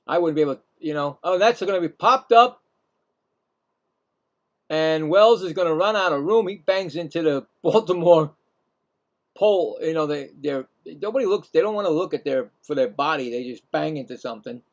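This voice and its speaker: A man with a Brooklyn accent hosting a casual live play-by-play stream, chatting and rambling between pitches. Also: fairly quick. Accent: Brooklyn New York.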